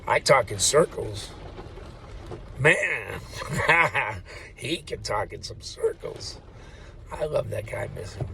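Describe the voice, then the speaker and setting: A man's voice: medium pitch, creaky, a bit bright, a little hiss or hum, low-quality recording. A man who works at a post office, rambling in an opinionated monologue to the camera, swearing freely and laughing at his own jokes. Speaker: postal worker vlogger.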